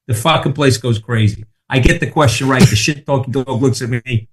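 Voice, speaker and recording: A man guesting on a podcast, telling rapid, profane stories full of asides and checking in with the listener. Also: mid-range voice, animated. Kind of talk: casual chat.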